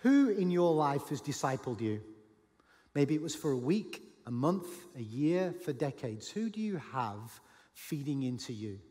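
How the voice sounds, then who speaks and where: A man preaching a sermon as pastor, animated, acting out Bible dialogue and at times rising to a shout. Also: medium pitch, unhurried. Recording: long hall reverb.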